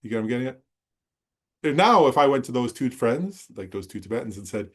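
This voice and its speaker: A man's voice: medium pitch, expressive, fast, slightly rough. A man giving a Buddhist dharma talk, telling a personal story in a loose, rambling way and often checking whether listeners follow. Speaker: Buddhist teacher.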